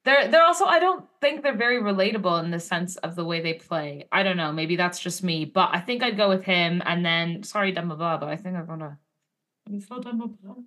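A woman's voice: fairly low pitch, expressive, fairly quick, a bit bright. A woman guest on a football podcast who thinks aloud, hesitating with lots of likes and restarts. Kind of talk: casual football podcast debate.

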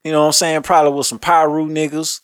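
In studio-quality audio with no room sound, a slightly high-voiced man hosts a commentary show at a quick pace. He rants bluntly in profane street slang, cursing heavily and telling stories with plenty of animated energy.

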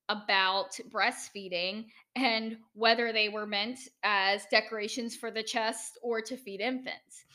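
Bright, chatty American woman podcaster. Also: medium pitch. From United States. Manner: enthusiastic, chatty, self-deprecating asides. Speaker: podcast host. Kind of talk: solo educational podcast talk.

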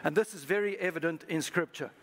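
High-voiced man preaching a sermon. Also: fast, fairly bright tone. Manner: preaching to a live congregation, prompting call-and-response. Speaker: pastor. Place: church service.

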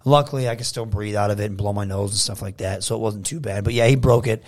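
A man from Michigan talking as a guest on an interview show, telling casual stories in an animated way. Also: on the low side, fast. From Saginaw, Michigan, USA. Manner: animated, acts out quotes in a raised voice. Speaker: guest, professional wrestler.

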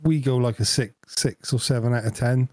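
An easygoing man chats on a podcast in a mellow, warm-toned voice. He asks friendly questions and trades stories with his co-host. The sound is dry and close. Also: medium pitch, fairly quick, no echo. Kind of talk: casual podcast chat.

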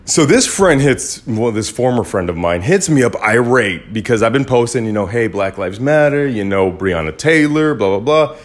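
A man's voice: medium pitch, normal speed, few pauses. A man hosting his own podcast, talking in a blunt, casual monologue with some swearing. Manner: blunt, swears, animated when quoting others. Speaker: podcast host. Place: Los Angeles.

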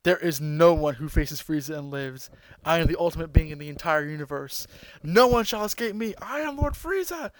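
A man's voice: a little high, animated, moderate pace, dry recording, lightly acted. A man voicing an arrogant, cruel alien tyrant from a cartoon, mocking and gloating. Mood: boastful.

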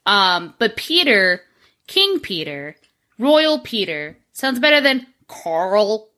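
A woman's voice: on the high side, wildly swooping pitch, drawn-out words, fairly bright tone. A woman co-hosting a podcast, joking irreverently and swearing freely in casual chat. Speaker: podcast co-host.

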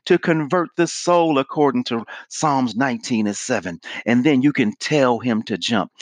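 A man's voice: a little high, no echo. A man teaching evangelism in an earnest, emphatic sermon style, repeating his key points.

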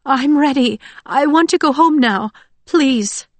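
A woman's voice: high voice, slow pace, no echo, pitched above the performer's own voice. A woman reading an audiobook, voicing a frightened, tearful woman who pleads and sniffles. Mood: pleading.

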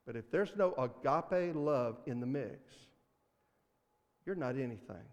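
A man with a Mississippi accent preaching a sermon as pastor, earnest, swinging between loud emphasis and hushed asides. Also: medium pitch, lively intonation, unhurried, big-room sound. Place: church sanctuary.

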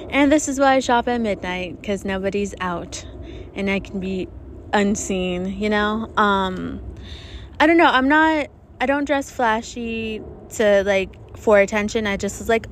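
A woman's voice: medium pitch, measured pace, slight background noise. A young woman hosting her own podcast, talking casually and profanely with frequent laughs, recording outdoors in the desert while planes fly overhead. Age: young adult. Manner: chatty, profane, self-mocking, often laughing. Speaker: podcast host. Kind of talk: casual solo podcast monologue. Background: passing airplanes.

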